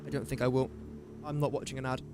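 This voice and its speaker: A man's voice: mid-range voice, flat delivery, fast, noisy background. A man talking to himself in casual gameplay commentary, rambling and easily sidetracked. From England. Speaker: gaming streamer.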